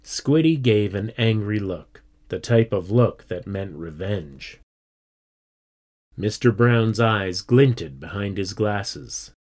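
Man reading a story slowly. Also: lowish voice, expressive, darkish tone. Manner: slow, deliberate. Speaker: reader. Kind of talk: storybook narration.

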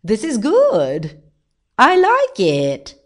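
A woman doing a loud excitable king. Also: lowish voice, husky, exaggerated voice. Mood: delighted. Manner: loud, slow exclamations. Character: excitable childlike storybook king, male.

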